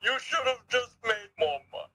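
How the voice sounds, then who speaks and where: A man's voice: very high-pitched, animated, normal speed, sharp tone, pitched above the performer's own voice, exaggerated voice, poor audio. A man putting on the voice of a smug, posh rich gamer who pays his way to the top, mocking poorer players with a haughty drawl. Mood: gloating. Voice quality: haughty laughing upper-class drawl.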